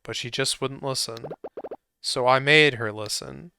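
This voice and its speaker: A streamer voicing Bill, a bitter middle-aged male scientist villain from a mystery game, read slowly over game music. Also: medium pitch, gravelly, pushed and bright. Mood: bitter confession. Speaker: streamer reading game dialogue.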